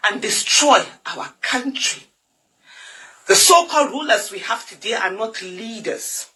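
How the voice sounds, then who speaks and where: Forceful and bright, a woman's mid-range voice swings widely in pitch and moves slowly. She's a Nigerian political commentator with a Nigerian accent, delivering a fiery, emphatic monologue that repeats itself a lot. The recording is rough.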